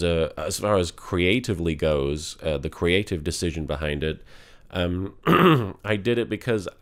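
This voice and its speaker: A man talking candidly and reflectively in a confessional vlog, in a halting way. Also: deep voice. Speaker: vlogger.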